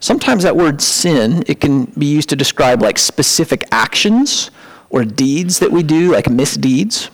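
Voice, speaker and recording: A man preaching in a relaxed, conversational way, his voice pitched a little high. He ranges widely in tone and leaps up sharply for emphatic asides. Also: measured pace, low-quality recording. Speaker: pastor. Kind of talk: sermon.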